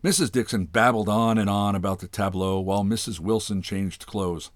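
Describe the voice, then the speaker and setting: Man reading a short story out loud, low voice, slow and measured, dry studio sound. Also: fairly even intonation, no room sound. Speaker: host reading stories aloud.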